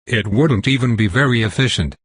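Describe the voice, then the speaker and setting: A man narrating a fantasy web novel in the first person, with measured, even storytelling. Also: medium pitch, slightly rough, no room sound. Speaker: audiobook narrator.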